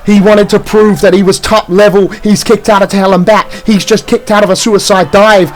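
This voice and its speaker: A man calling a wrestling match play by play, shouting out near-falls and big moves. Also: high voice, little pitch movement, rough recording. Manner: rapid move-by-move calls, shouting near-falls. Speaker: play-by-play commentator. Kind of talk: excited wrestling commentary.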